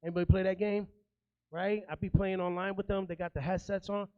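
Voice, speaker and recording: A man's voice: high voice, level tone, a little fast, dry recording, lo-fi sound. A man from New York in his thirties doing a stand-up comedy set, streetwise and chatty, working the crowd.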